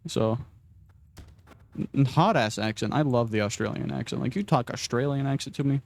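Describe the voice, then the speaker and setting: With a gravelly, darkish, medium-pitched voice at a moderate pace, a young gaming vlogger rambles casually and swears while playing. He puts himself down and keeps restarting his sentences.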